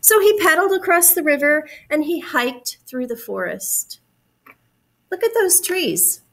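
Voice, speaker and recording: A woman reading a picture book aloud to young children, stopping to explain words and ask questions. She speaks slowly and patiently, with a slightly high voice that encourages the listeners. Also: very animated, fairly bright tone, poor audio.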